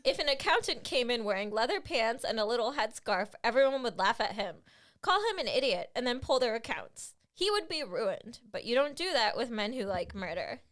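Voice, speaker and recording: A young woman reads her comic screenplay in a deadpan narrating voice, the stage directions delivered flat and dry. Her voice sits fairly high for a woman. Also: brisk. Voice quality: deadpan narration broken by laughter. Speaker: comedian reading her own script. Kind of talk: comic script reading.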